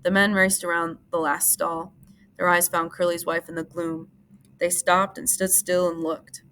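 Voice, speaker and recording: A woman's voice: on the low side, level tone, unhurried, bright, forceful tone. Woman reading a novel aloud. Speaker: teacher.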